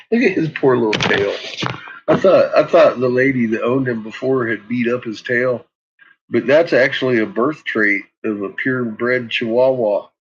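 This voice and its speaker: A man's voice: mid-range voice, measured pace, slightly rough, muffled recording. A man chatting in a rambling way about his dogs, chuckling often and cooing at them. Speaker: dog owner vlogger. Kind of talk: casual rambling chat.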